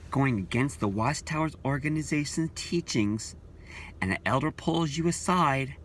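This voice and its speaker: A man's voice: mid-range voice, a bit bright, slight background noise. A man vlogging about church leaders, talking in an earnest, repetitive, preachy way. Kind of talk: casual opinion vlog.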